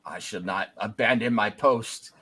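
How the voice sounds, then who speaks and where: Tabletop game: man voicing a ghostly old dwarf knight, stubborn, archaic speech, bright edge. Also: on the low side, a little slow, slightly rough, voice pushed down, exaggerated voice, low-quality recording. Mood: stern. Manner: archaic, defiant, bellowing at intruders.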